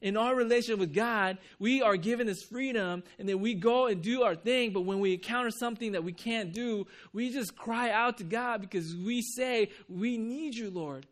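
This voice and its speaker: A man preaching a conversational sermon as pastor. He tells stories with energy and drops to a soft, quiet voice for reflective points. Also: high voice, normal speed, hardly any pauses. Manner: conversational, animated when telling stories.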